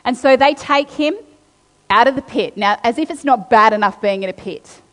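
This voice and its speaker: A woman preaching a sermon, reading scripture aloud and then retelling it with animated, acted-out quotes. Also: on the high side, normal speed. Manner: animated storytelling, acting out quotes. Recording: long hall reverb.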